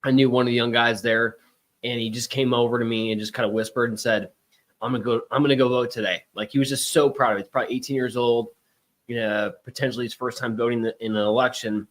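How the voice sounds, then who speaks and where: A man's voice: mid-range voice, flat delivery, fast talker, fairly bright tone. Chatty, emphatic male talk-show host. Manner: chatty, emphatic, rambling asides. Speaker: podcast host. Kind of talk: casual political talk show.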